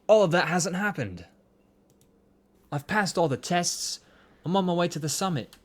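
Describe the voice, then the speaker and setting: A man's voice: high-pitched, expressive, moderate pace, voice pushed up. A man voicing an earnest, stubborn young apprentice in a clumsy mock British accent, raised and insistent. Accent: mock British, inconsistent.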